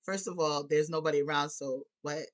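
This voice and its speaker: This is a deep, steady-toned female voice with a brisk delivery. The speaker, a guest who works as a musician and life coach, recounts her hard years frankly and is tearful at points. Emotional throughout, she laughs while crying and acts out what she was thinking, in a candid personal talk.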